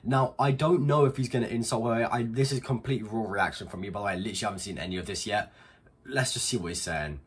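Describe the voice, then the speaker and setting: A man's voice: low voice, fast talker, breathy edge. A man hosting an unscripted reaction video, talking bluntly with disbelief and swearing freely.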